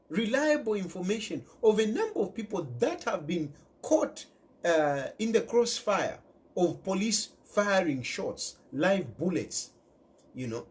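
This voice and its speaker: A man's voice: high-pitched, big pitch swings, slow pace. A Zambian man giving emphatic political commentary, repeating his key points and dropping in local words. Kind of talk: impassioned direct-to-camera commentary.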